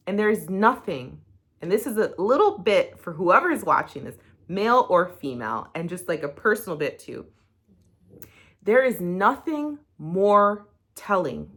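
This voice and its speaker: A woman's voice: fairly low pitch, fairly bright tone. A young woman recapping a reality show, talking bluntly and heatedly and swearing freely. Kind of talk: casual opinionated commentary.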